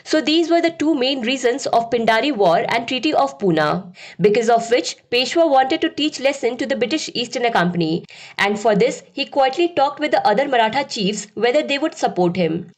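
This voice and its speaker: A woman narrating a scripted history lesson as a teacher, in a steady, explanatory lecturing manner. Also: fairly high pitch, moderate pace.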